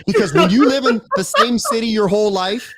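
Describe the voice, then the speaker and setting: Man in his fifties, fairly high voice, animated rambling storyteller, lots of restarts, casual interview guest. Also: fairly quick, over a noisy crowd. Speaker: guest, real estate investor.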